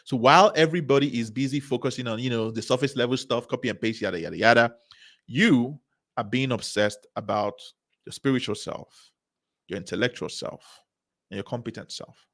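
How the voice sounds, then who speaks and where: A man speaks in a mid-pitched voice, addressing a seminar audience in a motivational style. He drives his points home by repeating phrases and throwing rhetorical questions at the crowd. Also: a little fast, a bit bright.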